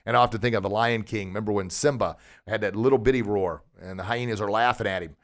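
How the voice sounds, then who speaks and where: A man hosting a podcast, giving an energetic motivational talk as a martial arts instructor and asking his listeners lots of rhetorical questions. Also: on the low side, fast.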